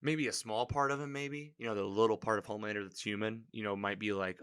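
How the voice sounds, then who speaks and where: A man casually recapping a TV episode, rambling with many fillers and animated reactions. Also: on the low side, fast, smooth.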